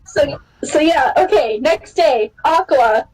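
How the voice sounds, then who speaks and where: High-voiced excitable woman podcast host. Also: slow pace, poor audio. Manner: excitable storyteller, acts out quotes with big pitch jumps. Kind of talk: casual podcast chat.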